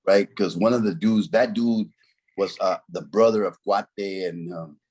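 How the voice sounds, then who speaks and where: This is a middle-aged man from Central California with a husky, slightly rough voice. He speaks in a loose, streetwise way and peppers his stories with curses and Spanish slang. He sounds like a former gang member recounting old times in an unhurried interview. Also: low-pitched, fairly even intonation, a little mellow. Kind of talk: casual storytelling.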